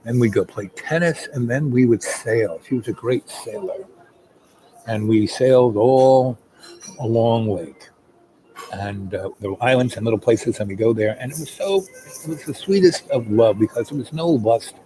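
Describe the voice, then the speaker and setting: An older man telling a long personal story in a meandering, casual way, full of "you know" and pauses. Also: mid-range voice, mellow, a little hiss or hum, poor audio.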